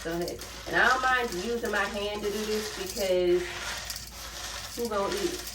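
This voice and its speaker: A woman's voice: mid-range voice, normal speed, far from the mic, noisy background. A woman from Memphis with a Southern accent, chatting casually to viewers while she cleans up in her home kitchen. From Memphis, Tennessee. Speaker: vlogger. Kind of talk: casual lifestyle vlog. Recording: roomy, from off the mic.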